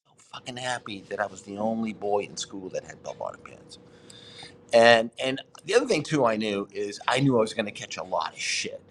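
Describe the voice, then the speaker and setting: A man's voice: on the low side, lively intonation, a little fast, a bit bright. Older guy in his 60s rambling thru a story, swears a lot, faint hum behind. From Boston, United States. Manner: rambling, profane, self-interrupting. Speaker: podcast guest. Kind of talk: casual storytelling interview.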